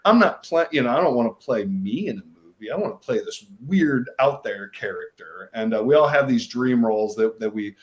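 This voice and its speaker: A man from Missouri, an actor, speaking as a guest on a panel. He talks in halting bursts with frequent restarts. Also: mid-range voice, expressive. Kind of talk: panel discussion.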